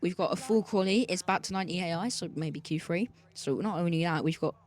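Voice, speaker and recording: A man's voice: sits high, brisk. Male gaming creator, joking sarcastic race commentary. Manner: joking, self-mocking and sarcastic. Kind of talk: narrated racing game commentary. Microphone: desk mic, sometimes speaking off-mic.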